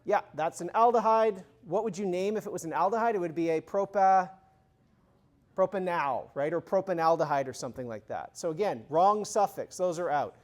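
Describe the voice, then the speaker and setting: A man's voice: high voice, a little fast. A man giving a university chemistry lecture in a conversational way, quizzing the class with review questions and adding informal, humorous asides.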